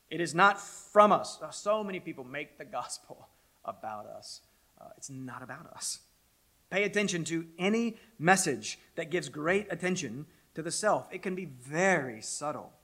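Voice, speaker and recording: A middle-aged man preaching a sermon as pastor, emphatic and repetitive, dropping his voice very low at the ends of phrases. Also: sharp tone. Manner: emphatic preaching, repeats words, drops to near-whisper at phrase ends.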